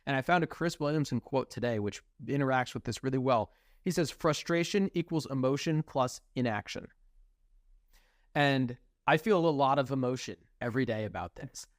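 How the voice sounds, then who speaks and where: Swearing heavily, a young male podcast co-host vents in a lively, casual chat. He has a medium-pitched voice and talks at normal speed, captured in a dry studio recording.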